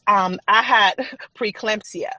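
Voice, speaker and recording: A woman's voice: medium pitch, slow pace, pushed and bright, no room sound, muffled recording. A woman guest on a podcast, a faith and trauma coach, telling her personal story in an earnest, candid, chatty way. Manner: earnest, candid, chatty with frequent fillers and laughs.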